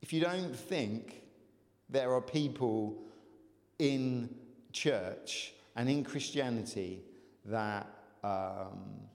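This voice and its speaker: A male pastor preaching a lively sermon to a congregation, urging them to call out, with frequent fillers and restarts. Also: mid-range voice. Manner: animated, urges congregation to call out. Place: church hall. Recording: long hall reverb.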